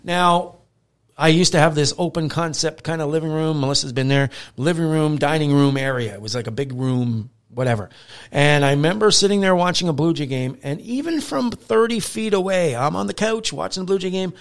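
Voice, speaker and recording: A man with a somewhat high voice, chatting casually on a podcast as a dog trainer. He talks in an animated way and slips into playful growls and bursts of praise while he explains training. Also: brisk. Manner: animated storyteller who acts out growls and praise.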